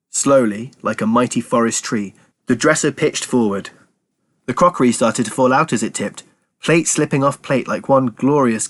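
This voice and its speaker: A man reading a children's story aloud in a lively, expressive way. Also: mid-range voice.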